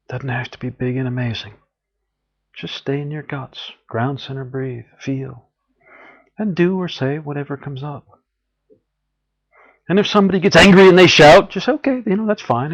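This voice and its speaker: A man's voice: fairly high pitch, muffled recording. A man giving an earnest, encouraging spiritual talk, often acting out what people say. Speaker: spiritual teacher.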